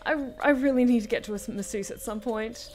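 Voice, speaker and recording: Woman game streamer, chatty, excitable, thinking aloud, live commentary. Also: a little high, quick pace.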